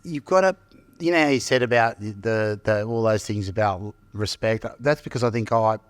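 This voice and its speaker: A man's voice: on the low side, moderate pace, clean tone, no echo. A man in his fifties, a rugby coach guest, talking earnestly and thoughtfully in a casual interview, often restarting his sentences.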